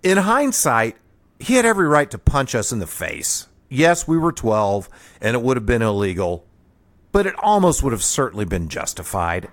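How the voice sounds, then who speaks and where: A man from the Kansas City area hosting his own radio show, telling a personal story in an animated, chuckling way. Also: medium pitch, moderate pace, no room sound. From Kansas City area, USA. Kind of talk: solo storytelling monologue.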